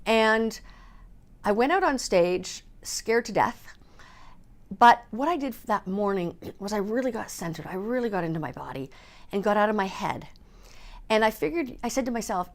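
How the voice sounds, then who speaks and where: A woman from Canada speaks to camera in a personal vlog. She talks candidly and with feeling, swearing casually now and then. Her voice sits at an ordinary middle pitch. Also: big pitch swings, moderate pace. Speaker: speaker and coach.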